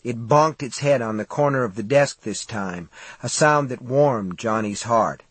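Male audiobook narrator, husky, dry close recording, steady measured read. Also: mid-range voice, no room sound. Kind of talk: scripted narration.

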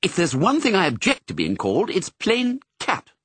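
Casting: a man doing a haughty lady cat in a storybook, lifted higher than his own voice, prim and precise. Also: wildly swooping pitch, normal speed, a bit bright, husky, dry recording, full character voice. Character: proud female cat, fussy about names.

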